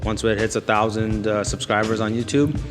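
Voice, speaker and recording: A young man co-hosting a casual podcast, chatting and laughing with animated banter. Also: fairly low pitch, fairly quick, music in the background. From Canada. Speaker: podcast co-host. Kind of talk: casual chat. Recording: long hall reverb.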